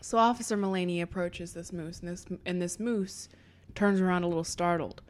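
A woman's voice: on the low side, fairly even intonation, brisk. A woman co-hosting a comedy podcast, improvising a story in a blunt, playful manner with lots of swearing. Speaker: podcast co-host.

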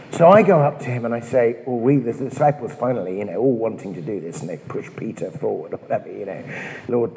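A priest giving a conversational talk on prayer, full of asides and rhetorical questions. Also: male voice, medium pitch, mellow. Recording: long hall reverb.

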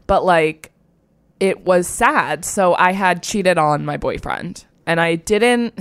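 A woman's voice: lowish voice, slow pace, smooth, no echo. A young woman casually chatting, telling a rambling confessional story full of fillers. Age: young adult. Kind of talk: casual chat.

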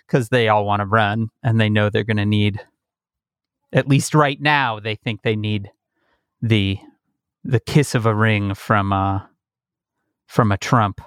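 A man co-hosting a casual comedy chat about politics, mocking and animated, who keeps slipping into silly put-on voices. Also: lowish voice, a little slow, dry recording, clean studio sound. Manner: animated, mocking, breaks into silly shouted impressions. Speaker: podcast co-host.

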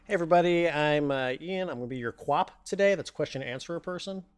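A man's voice: a little high, fast talker, clear, resonant tone. A man joking along as a podcast cast member in casual chat.

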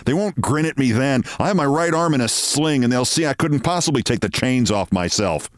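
A man voicing a meek, daydreaming middle-aged man who speaks in a low, cool, clipped way. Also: animated, brisk, dry recording, clean studio sound, close to an everyday voice.

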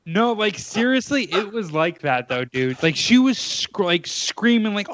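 A man's voice: sits high, animated, a little slow, few pauses, fairly bright tone, shouting, highs cut off. A young man co-hosting a podcast, telling a story in a laid-back, casual way, swearing freely and acting out quotes in a raised voice. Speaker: podcast co-host.

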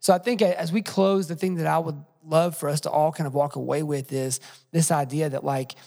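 Male podcast host, gravelly, reflective storyteller, reverberant room. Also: on the high side, fairly even intonation, fairly quick, mellow. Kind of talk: conversational podcast interview.

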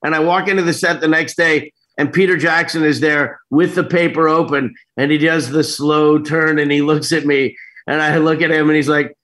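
Brief: middle-aged male guest, slightly high pitch, animated, restarts sentences a lot. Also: moderate pace. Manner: rambling, animated, self-interrupting. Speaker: actor interview guest. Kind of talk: casual storytelling interview.

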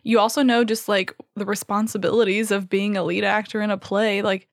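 A woman's voice: medium pitch, level tone, fairly quick, dry recording, clean studio sound. A woman guest on a podcast, giving frank, opinionated takes. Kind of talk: casual podcast discussion.

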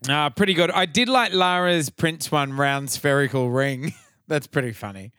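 A man's voice: a little high, normal speed, a bit bright, smooth, no room sound, studio quality. A man with an Australian accent co-hosting a podcast, bantering in a cheeky, slangy way with lots of laughter. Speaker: podcast co-host. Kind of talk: casual banter.

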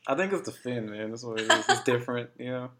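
A man's voice: medium pitch, fast talker, fairly bright tone. A man hosting a podcast, asking questions in a joking, teasing way. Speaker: podcast host. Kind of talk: casual podcast chat.

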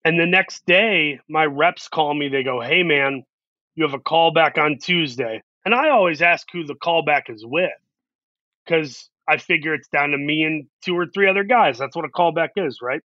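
A man spins animated anecdotes as an interview guest and acts out the lines of the people in them. His voice is bright and sits a little high. The sound is close, dry and a touch dull. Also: normal speed, no room sound. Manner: animated anecdotes with quoted asides. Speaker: actor guest. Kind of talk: storytelling interview.

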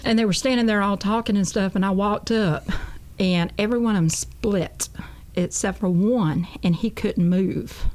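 A woman appears as a guest on a talk show, sharing her testimony in a mid-range, darkish voice at a moderate pace. Her storytelling is earnest and folksy, and she keeps repeating "I said."

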